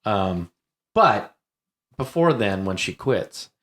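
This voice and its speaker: A man's voice: on the low side, sing-song, slow. A man co-hosting a podcast, chatting casually with a wry, analytical manner. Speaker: podcast co-host. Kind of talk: casual chat.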